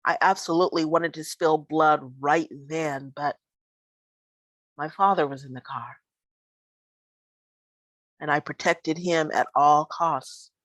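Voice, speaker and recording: A woman's voice: deep voice, steady tone, slow pace, pauses often, fairly bright tone, dry recording, poor audio. A woman performing spoken word poetry live, with a rhythmic, emphatic delivery and weary repeated refrains.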